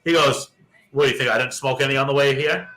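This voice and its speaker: A young adult man, a podcast co-host, telling a profane, animated story and acting out the quoted lines in casual chat. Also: medium pitch, fast, a loud crowd, low-quality recording.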